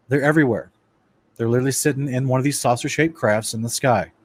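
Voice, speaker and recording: A man presents a casual lecture-style Bible study in an animated, conversational way. His voice sits in an ordinary middle pitch. He talks straight to his listeners as guys and trips over words as he reads from his notes. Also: fairly quick, slightly rough. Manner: animated, addresses listeners as guys, stumbles and restarts while reading.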